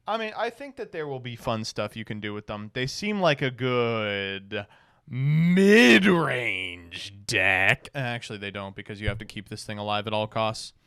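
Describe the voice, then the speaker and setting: A man's voice: on the low side, normal speed, fairly bright tone, smooth, dry recording. A man streaming, casually reading card game rules aloud and reacting with wry, sighing remarks.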